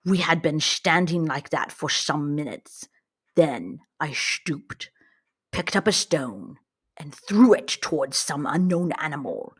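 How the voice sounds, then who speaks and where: A woman voicing a Russian man travelling in the wilds, telling of a strange encounter in a clumsy mock Russian accent, read slowly. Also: deep voice, husky, full character voice. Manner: reads slow with a bad mock Russian accent.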